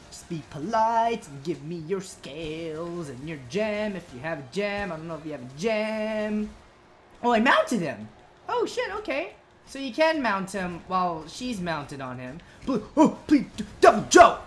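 A woman commenting on her own gameplay, scolding the monster like an unruly child, swearing and yelling when things go wrong. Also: mid-range voice, big pitch swings, unhurried, soft background music. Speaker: gamer.

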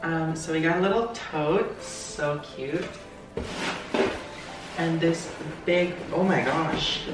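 A hyper vlogger unboxing a gift package, gasping and giggling between excited exclamations. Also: male voice, fairly high pitch, slow, pauses often. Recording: roomy, distant from the mic, with music.

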